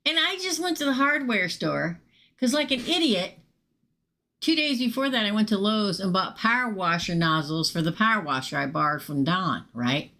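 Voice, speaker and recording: A woman's voice: medium pitch, normal speed. Chatty woman tarot reader. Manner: chatty, animated, swears casually and talks straight to viewers. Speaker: tarot reader hosting a live show. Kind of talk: casual storytelling on a live tarot stream.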